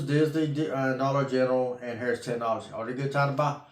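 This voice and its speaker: A man's voice: mid-range voice, steady tone, fast, roomy sound. A middle-aged man rambling casually about investing, folksy and repetitive, tired from an early start. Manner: rambling, folksy, repeats himself, casual swearing. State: tired from getting up at 3 a.m. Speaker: investing vlogger. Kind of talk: rambling casual monologue to camera.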